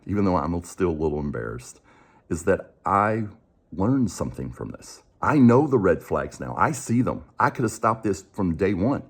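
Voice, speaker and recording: A man's voice: low-pitched, breathy edge. A man who coaches and hosts a show tells a personal story in a conversational way, acting out the dialogue and often restarting his sentences.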